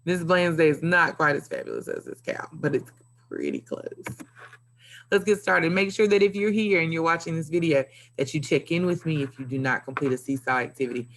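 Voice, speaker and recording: A woman's voice: deep voice, lively intonation, a little fast, a bit bright, slight background noise. A woman teacher giving a recorded video lesson to young pupils, upbeat and playful with sing-song emphasis. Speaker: elementary school teacher.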